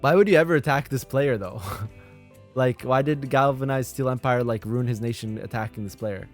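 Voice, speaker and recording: A man with a mid-range voice and moderate pace hosts a live strategy game stream and its lobby, faint music behind him. He comments eagerly to chat, excitable and quick to laugh.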